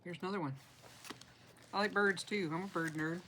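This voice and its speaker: Chatty woman with gravelly voice. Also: medium pitch, expressive, normal speed, a bit bright, slight background noise, poor audio. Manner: chatty, self-deprecating, laughs often. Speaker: cross-stitch vlogger. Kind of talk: casual show-and-tell chat.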